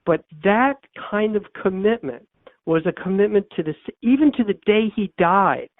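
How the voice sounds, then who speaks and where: Male guest author and therapist, earnest and reflective, restarts his sentences; somewhat high voice on a thin, dry phone line. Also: lively intonation, moderate pace, dry recording. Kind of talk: reflective personal storytelling in an interview.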